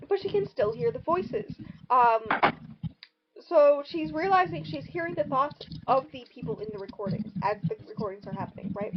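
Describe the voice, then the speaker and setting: A young woman casually retelling a short story on a podcast, rambling and full of fillers. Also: fairly high pitch. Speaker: podcast co-host summarizing a book. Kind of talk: casual book discussion. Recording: dull lo-fi sound with steady noise.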